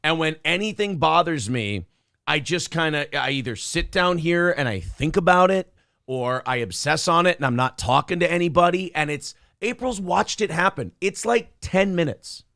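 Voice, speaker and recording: A man's voice: fairly high pitch, moderate pace, creaky, no room sound, clean studio sound. Blunt, profane male podcast host. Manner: blunt, profane, animated storytelling. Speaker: morning show host. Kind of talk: casual podcast banter, reading super chats.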